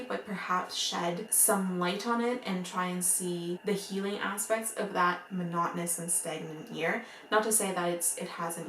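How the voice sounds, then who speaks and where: A woman with a noticeable accent chatting to camera about books she bought, excitable and rambling, laughing often. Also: on the low side, a little hiss or hum. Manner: rambling, full of "like" and restarts. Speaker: book vlogger. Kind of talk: casual chat to camera. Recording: roomy echo, mic at a distance.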